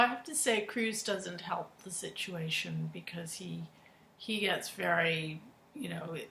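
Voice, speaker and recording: A woman's voice: lowish voice, gravelly, a bit bright, slight background noise, poor audio. A woman co-hosting a podcast, casually and thoughtfully sharing her opinions on soap-opera episodes. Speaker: podcast co-host. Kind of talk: casual commentary.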